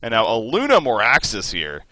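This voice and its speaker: An enthusiastic man adds rambling color commentary to an esports match over a voice call. His mid-pitched voice is bright and forceful, recorded dry with no room sound. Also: huge pitch swings, moderate pace, no room sound, rough recording. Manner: enthusiastic, rambling, restarts phrases. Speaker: esports co-caster.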